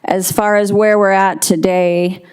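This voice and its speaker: A woman's voice: mid-range voice, level tone, unhurried, darkish tone, clear, resonant tone. A woman speaking as a developer's representative at a city council meeting, explaining earnestly and at length. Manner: earnest, explanatory, slightly shaky from cold. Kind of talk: public comment at a council meeting. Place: council chamber.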